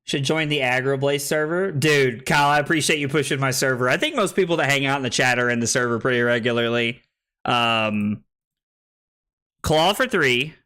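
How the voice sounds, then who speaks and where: A man casually commentating his own card game for a stream, talking to chat as he weighs each play. His voice is bright and forward at an ordinary middle pitch. He chats loosely and turns excitable when a play goes his way. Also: moderate pace, smooth. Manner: chatty, thinks aloud, excitable when winning.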